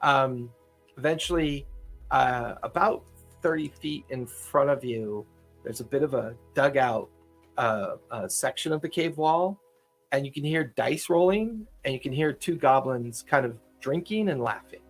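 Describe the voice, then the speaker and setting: A man running a tabletop game as game master, narrating in a relaxed, halting way with repeats. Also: medium pitch, soft background music.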